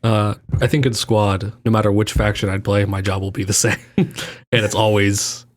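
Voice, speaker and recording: A man's voice: lowish voice, flat delivery, moderate pace. A man co-hosting a gaming podcast in casual chat, speaking bluntly and emphatically with some swearing. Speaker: podcast co-host.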